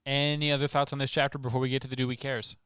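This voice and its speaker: A man co-hosts a casual book podcast, cracking jokes between points. His voice is smooth and resonant, at an ordinary pitch. It is recorded dry and up close, with no room sound. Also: level tone, rapid-fire, a bit bright, dry recording. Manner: jokey, riffs with goofy bits. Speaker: podcast co-host. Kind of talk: casual book-discussion chat.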